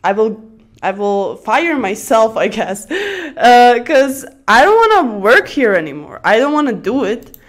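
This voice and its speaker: Young woman, high voice, chatty and rambling, excited outbursts, casual chess-stream chat. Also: unhurried. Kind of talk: casual chat while playing blitz chess.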